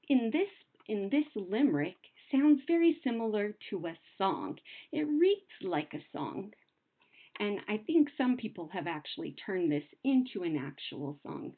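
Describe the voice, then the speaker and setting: A young adult woman teacher explaining poetry to children in a patient, sing-song way, slowing down to sound out words. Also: medium pitch, sing-song. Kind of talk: recorded classroom lesson. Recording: phone-like narrow sound.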